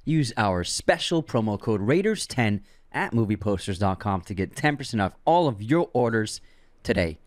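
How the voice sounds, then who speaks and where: A man's voice: on the low side, no echo. A man co-hosting a movie podcast, reading ads and playing quiz games in an easygoing way. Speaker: podcast co-host. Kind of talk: casual chat and ad reads.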